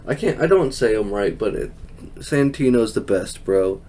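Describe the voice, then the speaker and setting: A man's voice: on the low side, lively intonation, moderate pace, warm tone. Young man rambling casually about wrestling. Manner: rambling, laughs often, quotes wrestlers in silly voices. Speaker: podcast host. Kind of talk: casual recap chat.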